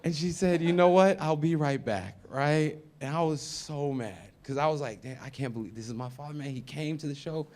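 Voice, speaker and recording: A man in his thirties doing a stand-up comedy set. He tells stories and acts out the other people in them, swinging between loud and soft. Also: a little high, brisk, hardly any pauses. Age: 30s.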